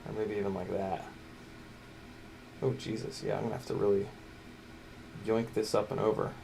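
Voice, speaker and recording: A man's voice: lowish voice, little pitch movement, normal speed, creaky, background noise. Man muttering over a drone build. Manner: mutters and coaxes parts while working, loose and joking. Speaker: FPV drone streamer. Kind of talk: casual livestream chat while building.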